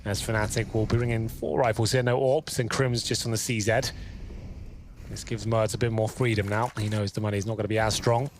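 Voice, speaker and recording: A man calling an esports match, giving measured, analytical play-by-play. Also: lowish voice, flat delivery, background noise. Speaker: esports caster. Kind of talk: play-by-play commentary.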